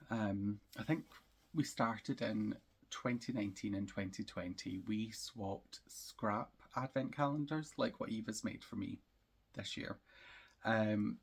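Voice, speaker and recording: Male podcast host, husky and a bit gravelly, rambling chatty delivery full of fillers. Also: lowish voice. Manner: chatty, rambling, lots of ums and likes; laughs easily. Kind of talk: casual chat about knitting and crochet projects.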